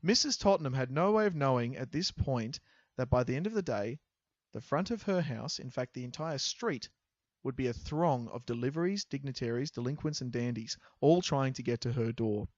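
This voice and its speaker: A man co-hosting a podcast, telling a story in a casual, animated, jokey way and laughing often. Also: medium pitch, normal speed, few pauses, dry recording, lo-fi sound. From half English. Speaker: podcast co-host.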